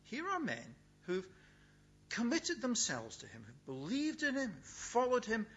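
Emphatic male preacher, lively bright voice. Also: very high-pitched. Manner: emphatic, repeats key words with pauses. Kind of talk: sermon. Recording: dull, lo-fi sound with faint hum.

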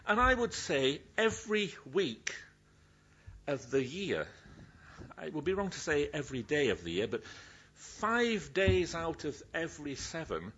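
A man's voice: on the high side, very animated, measured pace, fairly bright tone, husky. An older man preaching as a minister, chatty and rambling, breaking off his sentences and laughing at his own stories. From Yorkshire, England. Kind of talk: anecdotal sermon. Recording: dull lo-fi recording.

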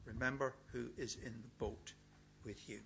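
A middle-aged man preaching a sermon, emphatic, repeating key words with pauses for weight. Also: mid-range voice, steady tone, vocal fry, fairly bright tone. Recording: dull, lo-fi sound with faint hum.

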